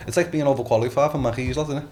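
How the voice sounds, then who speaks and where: Talking very fast at a medium pitch, a young man who boxes tells animated stories as a guest in a casual podcast chat, with a little hiss or hum in the audio. He acts out what people said, curses, and often asks "you know what I mean."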